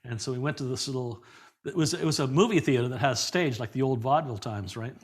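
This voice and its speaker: A man's voice: mid-range voice, quick pace, slightly rough. A middle-aged man, a guest on an interview show, telling anecdotes with frequent laughs and repeated words. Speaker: guest performer. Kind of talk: conversational storytelling in an interview.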